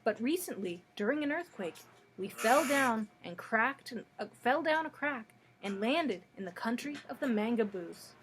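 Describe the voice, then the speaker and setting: A woman reading the part of a kindly, earnest old male wizard in a storybook read-aloud, speaking gently and politely. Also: a little high, animated, background noise, lightly acted. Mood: courteous. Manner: gentle, courteous, measured.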